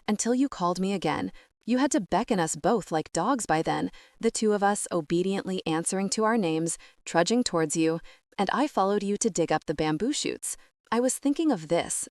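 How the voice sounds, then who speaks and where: A woman narrating a literary audiobook in a measured, quiet, reflective way. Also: mid-range voice, no echo, studio quality.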